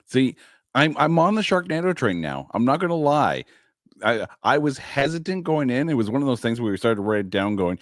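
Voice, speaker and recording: A man's voice: mid-range voice, very animated, brisk, dry recording, clean studio sound. A man guesting on a movie podcast, talking enthusiastically and stumbling over repeated words as he explains his thoughts. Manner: enthusiastic, stammers on restarts. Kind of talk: casual podcast chat.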